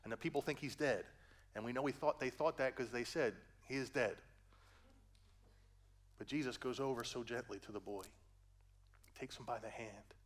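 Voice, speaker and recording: Older guy preaching, goes from soft and gentle to big loud builds, folksy. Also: medium pitch, brisk. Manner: swings from hushed and gentle to loud climactic preaching; folksy asides, addresses listeners as folks. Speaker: pastor. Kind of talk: sermon.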